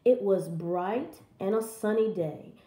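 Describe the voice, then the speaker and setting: A woman reading a children's story aloud in a slow, expressive way. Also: medium pitch, reverberant.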